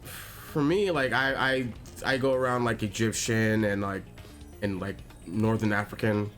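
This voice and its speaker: A man hosting a game stream in casual chat, halting and repeating his words, often laughing. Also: lowish voice, fairly even intonation, a bit bright. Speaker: host of gaming stream. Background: faint game music.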